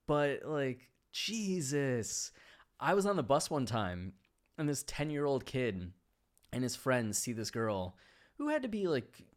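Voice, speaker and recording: A man hosting a casual monologue about a book, telling animated stories and laughing often, turning slower and reflective on the ideas. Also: mid-range voice. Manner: animated storyteller, laughs often mid-sentence. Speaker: host.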